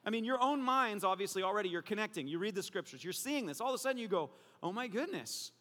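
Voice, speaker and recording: Pastor, male, high bright voice, lively and joking, preaching in a large echoing church hall. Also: racing. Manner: animated, joking storyteller. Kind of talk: sermon.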